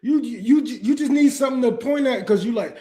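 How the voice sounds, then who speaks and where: In this ranting monologue, a young man talks fairly quickly, cursing hotly and tripping over himself with frequent restarts. His volume keeps swinging between loud bursts and quiet muttering.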